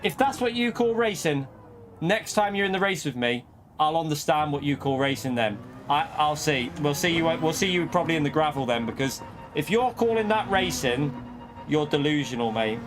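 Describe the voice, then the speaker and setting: A man's voice: fairly high pitch, expressive, normal speed, over music. A man streaming a racing game, ranting indignantly at chat between frequent laughs. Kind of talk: live racing game commentary. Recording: noisy with car engine sounds.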